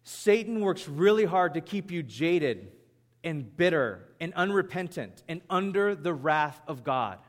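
A male pastor preaching with a slightly raised pitch. He talks in a lively, conversational way, like he's chatting with the congregation rather than reading. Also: measured pace. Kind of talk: sermon.

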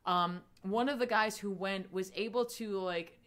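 A woman's voice: mid-range voice, a little slow, fairly bright tone. A woman co-hosting a podcast, chatting casually and rambling through a comic's plot with lots of "like" and "um.". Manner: rambling, full of "like" and "um". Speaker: podcast co-host reviewing comics. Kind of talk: casual chat.

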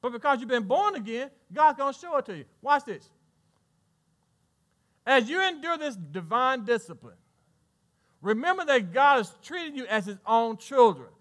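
A male pastor preaching a sermon. He asks the congregation questions and swings between loud, rising lines and hushed asides. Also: very high-pitched, big pitch swings, normal speed, pauses often.

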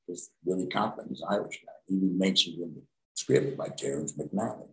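A middle-aged man with a gravelly edge, telling loose, profane stories from his acting career. His voice rings a little in a reflective room, and he talks in a casual, digressive way. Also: low-pitched, fast talker, reverberant, rough recording. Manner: rambling, profane, animated anecdotes. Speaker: actor, interview guest. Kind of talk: casual storytelling interview.

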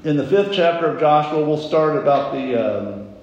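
A man's voice: fairly high pitch, expressive, moderate pace, a little mellow, lo-fi sound. A man telling a story in a sermon, rambling and correcting himself as he goes, in a church sanctuary. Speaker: preacher. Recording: very echoey large room.

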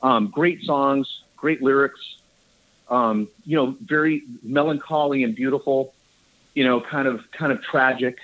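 A man, a guest bass player, telling stories in a casual interview, rambling and enthusiastic, laughing often. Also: a little slow. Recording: dull lo-fi audio.

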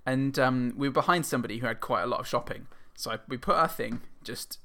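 A man's voice: medium pitch, fast talker, sharp tone. A British man in casual conversation, telling a story with lots of swearing and quoted voices. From Britain. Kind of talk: casual chat.

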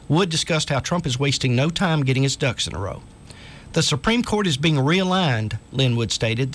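A man's voice: fairly high pitch, fairly bright tone. Earnest man hosting talk radio. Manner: earnest, urgent, reads articles aloud. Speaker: radio show host.

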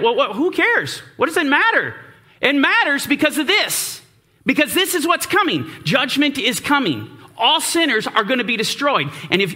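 A man delivers a sermon with urgent, emphatic force. His voice sits very high and sounds bright. His pitch swings widely as he presses each point. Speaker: preacher.

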